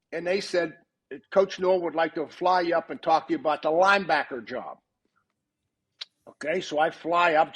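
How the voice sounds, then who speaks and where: A man's voice: a little high, husky. An older man, a retired coach and podcast guest, tells long anecdotes in a casual way and acts out the dialogue he quotes. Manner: animated storyteller who acts out quoted dialogue.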